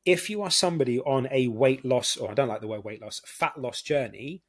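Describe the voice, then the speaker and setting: A man's voice: mid-range voice, fairly quick. A man from Britain hosting a podcast, explaining his ideas in an enthusiastic casual chat. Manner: enthusiastic, explanatory, many fillers. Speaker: podcast host.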